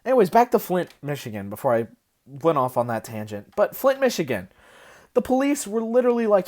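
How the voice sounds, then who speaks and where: Young woman ranting, swinging pitch. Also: big pitch swings, brisk, a little mellow. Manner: profane, agitated, rambling. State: worked up, hysterical. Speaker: vlogger. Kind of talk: heated casual rant. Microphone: phone.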